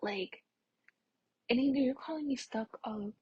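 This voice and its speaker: A young woman talking to camera in a casual vlog, soft-spoken and exasperated, often dropping to a near whisper and filling her sentences with "like.". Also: on the high side, measured pace, dull audio. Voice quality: breathy, often half-whispered. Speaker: vlogger.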